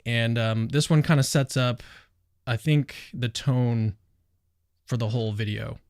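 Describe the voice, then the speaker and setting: A man's voice: medium pitch, fairly even intonation, a little mellow, clear, resonant tone, no echo. Chatty man hosting a dry-sounding livestream. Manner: quick, chatty, hedging with fillers. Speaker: livestream host. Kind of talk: casual livestream discussion.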